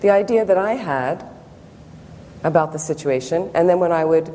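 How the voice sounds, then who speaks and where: A woman's voice: on the low side, expressive, normal speed, mellow. A Buddhist nun giving a public talk, telling personal stories and acting out her own inner thoughts. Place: meditation center hall. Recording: long hall reverb, faint background noise.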